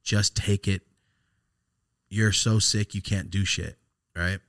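Low-voiced guy telling a story, swears a lot, dry close sound. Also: slow, no echo. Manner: profane, animated, laughs while telling. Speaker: podcast host. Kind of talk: casual storytelling.

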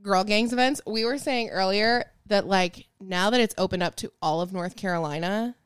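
Woman, podcast co-host, casual chat, rambling, smooth voice, dry room. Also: mid-range voice, moderate pace, no room sound. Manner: rambling, filler-heavy, swears casually. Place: living room by a fireplace.

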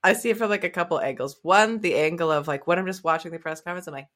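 A woman's voice: lowish voice, very fast, background noise. A woman guesting on a video game podcast, chatting casually and expressively, often acting out quotes. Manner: expressive, musing, acts out quotes. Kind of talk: casual chat.

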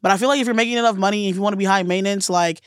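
A woman guest co-host on a casual podcast, giggly and loose with the swearing. Her voice sits at a middle pitch. The recording is close and dry. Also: fairly even intonation, rapid-fire, smooth, no echo. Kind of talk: casual chat.

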